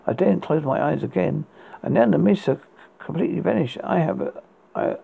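A man hosting a horror podcast, reading his story in a halting way with restarts, on a tinny lo-fi recording. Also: on the high side, expressive, gravelly, warm tone, breathy edge. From United Kingdom. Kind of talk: read horror story narration. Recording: tinny phone-like lo-fi sound.

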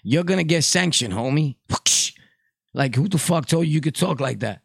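A man's voice: fairly high pitch, lively intonation, moderate pace, creaky, breathy edge, dry recording, studio quality. A Puerto Rican man hosting a podcast, delivering a blunt, profane casual monologue. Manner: blunt, profane street talk. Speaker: podcast host.

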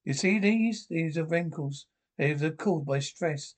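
A vain suburban wife at the end of her rope. Her nagging turns shrill and exasperated. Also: unhurried, a little mellow.

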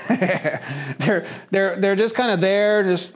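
A man teaching a casual workshop on personality types, talking in a conversational, animated way and acting out examples. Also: high-pitched, slow pace.

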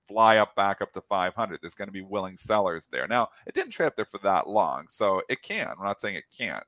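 A man's voice: fairly low pitch, a little fast, no room sound. A man co-hosting a market show, chatting casually about trades in trader jargon. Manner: animated, talks in trader jargon. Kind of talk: casual trading chat.

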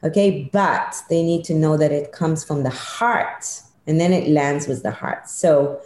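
A middle-aged woman tells a story as an interview guest, animated and emphatic. Her voice sits a little low and sounds warm and mellow. The room around her is echoey. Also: measured pace. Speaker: guest, leadership consultant.

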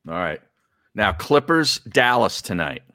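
A man's voice: lowish voice, sing-song, unhurried, bright, forceful tone, no room sound. A man co-hosting a sports talk show, joking and steering the conversation into a studio microphone. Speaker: sports radio co-host.

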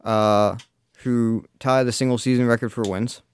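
A man with a smooth, resonant voice runs a casual podcast, hesitating with frequent uhs as he reads sports news. The sound is close and dry, with no room echo. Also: mid-range voice, steady tone, moderate pace. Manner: hesitant, many filler uhs. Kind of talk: casual chat.

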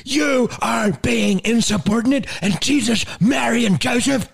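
A man's voice: extremely high pitch, unhurried, vocal fry, slightly rough, voice pushed up, exaggerated voice. A man putting on a stern old Irish nun. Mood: stern scolding. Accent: half Irish. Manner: rigid, scolding, commanding. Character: stern old female Catholic nun teacher, strict.

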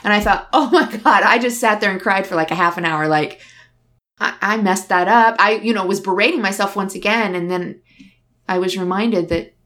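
A woman's voice: mid-range voice, moderate pace, fairly bright tone. Woman, conversational storyteller; candid, reflective, voices the dialogue. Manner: candid, reflective, acts out dialogue in her stories. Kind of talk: casual conversation, personal storytelling.

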